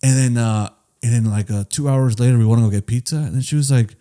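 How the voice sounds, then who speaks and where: Fast-talking young man rambling a story. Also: medium pitch, dark tone. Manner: fast rambling storyteller, swears, many fillers like "right?". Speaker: podcast co-host. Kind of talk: casual storytelling chat.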